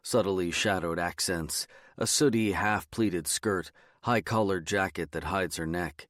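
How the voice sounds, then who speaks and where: Man reading a horror novel, measured and even, low voice, bone-dry studio sound. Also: no room sound. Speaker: audiobook narrator. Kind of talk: scripted first-person narration.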